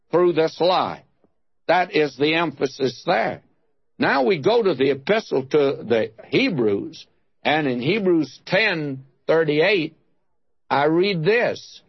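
Male preacher, deliberate Bible teaching, raised pitch, lo-fi dry recording. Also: husky, no room sound. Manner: slow, deliberate, stressing single words of scripture.

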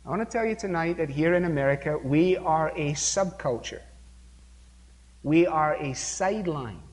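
This sermon comes from a man whose voice is a little high, recorded in a church with long reverb. He preaches emphatically, asks rhetorical questions, and acts out quotations.

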